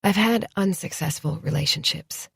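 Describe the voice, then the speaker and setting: A guarded young woman painter speaks earnestly and a little anxiously in a husky, low voice, as voiced by an audiobook narrator. She sounds defensive about herself. The recording is close and dry. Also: moderate pace, dry recording, full character voice. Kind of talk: audiobook dialogue.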